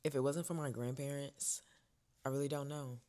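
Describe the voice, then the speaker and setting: A young woman vlogger shares a personal story in a casual, expressive manner, her very deep voice moving at normal speed as it sinks to hushed whispers and climbs to loud bursts.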